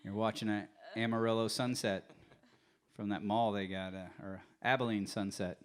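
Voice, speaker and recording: A man's voice: lowish voice, fairly even intonation, moderate pace. A man telling rambling, joking stories between songs as host. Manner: rambling, joking, trailing off with filler. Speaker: host and musician. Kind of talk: casual storytelling between songs.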